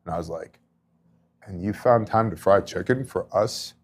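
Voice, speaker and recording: A man's voice: on the low side, normal speed. A middle-aged man in casual faith talk, telling relief-work stories in an earnest, conversational way with many asides. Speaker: podcast host and disaster relief volunteer.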